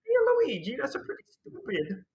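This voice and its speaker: A man putting on a shrill falsetto Mario voice as a goofy, mocking parody of the cartoon plumber. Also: wildly swooping pitch, normal speed, a little hiss or hum, full character voice. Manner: mocking, wildly swooping parody. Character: squeaky high cartoon plumber hero, goofy. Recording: dull lo-fi recording.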